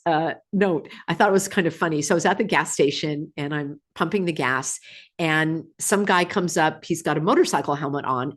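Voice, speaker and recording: Middle-aged woman vlogger from California, chatty to camera, jumps up high when emphatic. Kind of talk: casual talk to camera.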